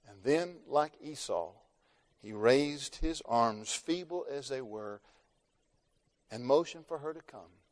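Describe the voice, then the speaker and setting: A man preaching a sermon through a story, rising to loud emphasis and dropping to hushed tones, slowing down on key words. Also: mid-range voice, expressive. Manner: dramatic, swings between loud emphasis and hushed near-whispers, slows for key words.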